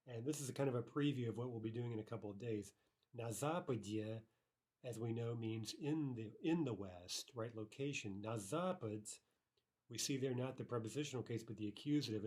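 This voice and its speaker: A man teaching a recorded language lesson, explaining grammar step by step, checking in with "right?" and repeating example phrases slowly and carefully. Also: medium pitch, darkish tone, breathy edge. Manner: explanatory, frequent "right?" checks, slow careful Russian repetitions.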